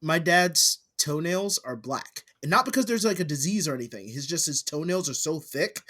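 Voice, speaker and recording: A man's voice: a little high, lively intonation, normal speed, pushed and bright. A middle-aged man co-hosting a podcast, chatting casually, joking and swearing freely. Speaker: podcast co-host. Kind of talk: casual chat.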